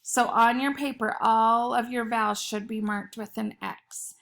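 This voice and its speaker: A woman's voice: fairly high pitch, level tone, a little slow, gravelly, few pauses, fairly bright tone. A woman teacher giving a spelling lesson to young students, sounding out words patiently.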